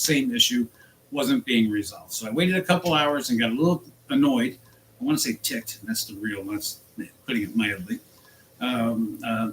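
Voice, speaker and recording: An angry man from the United States ranting in a vlog about his work as a rideshare driver, exasperated and jumping in pitch. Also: slight background noise, rough recording. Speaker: rideshare driver and channel host.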